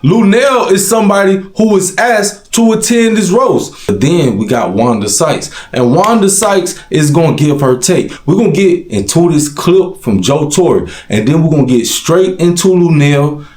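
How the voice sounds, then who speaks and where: A man hosting his own commentary channel, talking straight to his viewers in a slangy, animated way. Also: a little high, moderate pace, hardly any pauses. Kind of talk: direct-to-camera commentary. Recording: echoey room.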